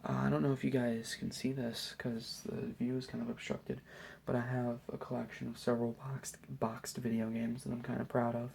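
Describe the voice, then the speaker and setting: A young man giving a soft, hesitant, whispered ASMR Q&A at home late at night, rambling with lots of fillers. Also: mid-range voice, level tone, fairly quick, creaky, a little hiss or hum. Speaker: YouTuber answering questions.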